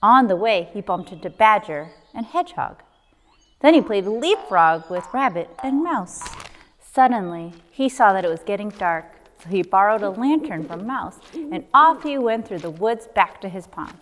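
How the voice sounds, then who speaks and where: A woman's voice: mid-range voice, expressive, normal speed, long reverb tail, a little hiss or hum. A woman, a nature center coordinator, reading a children's book aloud expressively with sound effects.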